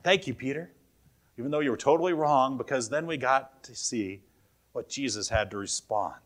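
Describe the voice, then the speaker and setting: This pastor speaks at a moderate pace in a mid-range voice. His sermon feels like a conversation, and he keeps asking his listeners questions.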